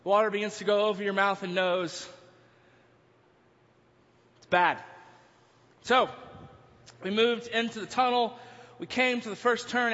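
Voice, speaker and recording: A man preaching a sermon, telling a story in an animated way, now and then breaking into yelling. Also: sits high. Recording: dull sound, long hall reverb.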